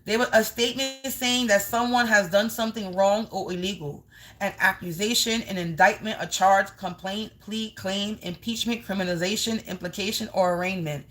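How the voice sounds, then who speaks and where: A woman's voice: medium pitch, steady tone, moderate pace, fairly bright tone. A woman doing a live energy reading, speaking bluntly and with a lot of profanity, calling her viewers "Collective" and rambling through long lists of words. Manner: talks straight to viewers as "Collective". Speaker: spiritual energy reader. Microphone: streaming live on camera.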